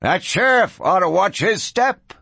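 A man voicing a red-faced male saloon drinker, with a croaking, gossipy delivery. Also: high-pitched, expressive, unhurried, bright, forceful tone, no echo, voice pushed up, full character voice. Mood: excited.

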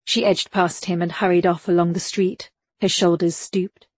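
A woman narrating a novel in an even, measured storytelling voice. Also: fairly low pitch, no room sound. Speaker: audiobook narrator. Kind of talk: scripted audiobook narration.

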